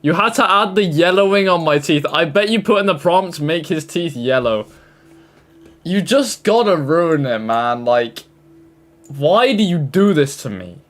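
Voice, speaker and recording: A man's voice: on the high side, animated, a little slow. A man reacting to fan-made clips in casual commentary, joking, exasperated and crude.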